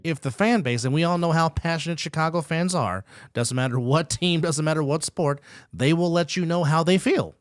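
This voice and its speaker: A man's voice: on the high side, normal speed, dry recording, studio quality. A man co-hosting a live sports talk show, making his point emphatically. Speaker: co-host.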